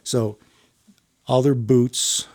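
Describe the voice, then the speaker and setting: A man's voice: mid-range voice, fairly even intonation, very slow, a little mellow. A man who works as a firefighter, telling a long story in casual chat with many restarts and casual swearing. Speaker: firefighter guest.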